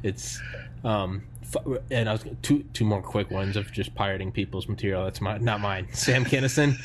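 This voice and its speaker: A tired man hosting a podcast in casual chat, animated and profane, laughing often. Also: lowish voice, moderate pace, slight background noise. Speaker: podcast host.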